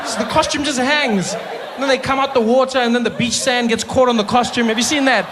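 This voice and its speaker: A South African man performing an animated stand-up comedy routine, slipping into mimicry and shouted bursts. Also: extremely high pitch, fairly quick, crowd noise. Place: live comedy stage.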